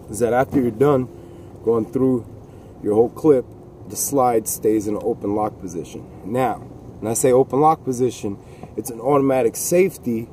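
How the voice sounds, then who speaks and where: A man talks casually outdoors on a cold day, rambling with folksy jokes and asides. His voice is mellow and dark. Faint outdoor noise sits behind him. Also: medium pitch. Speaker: gun video host.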